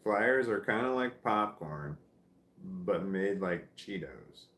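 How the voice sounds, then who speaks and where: A man's voice: deep voice, animated, takes it slowly, a bit bright, echoey room, a little hiss or hum. A man from Missouri with a Midwestern American accent, hosting a casual live chat, reading viewer comments aloud in a tired, rambling way with frequent chuckles. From Missouri, United States. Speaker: livestream host reading chat.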